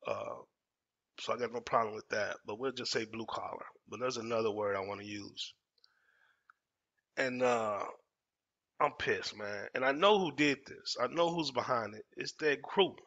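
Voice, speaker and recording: A man's voice: medium pitch, moderate pace, a bit bright, lo-fi sound. A man from Dallas telling a personal story in casual, emphatic talk, repeating phrases and using street slang. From Dallas, Texas. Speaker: storyteller host.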